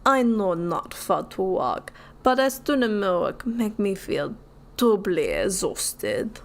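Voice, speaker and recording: A woman's voice: fairly low pitch, normal speed, natural voice. Woman doing a weary merchant in a fake Russian accent. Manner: put-upon, formal and polite. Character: weary male merchant buried in paperwork.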